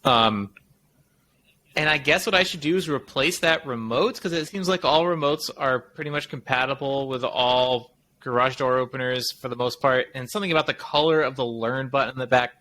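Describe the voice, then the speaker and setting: A man co-hosting a casual tech podcast. His voice has a bright, pushing edge. He rambles through explanations and corrects himself mid-sentence. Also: mid-range voice, moderate pace. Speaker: podcast co-host.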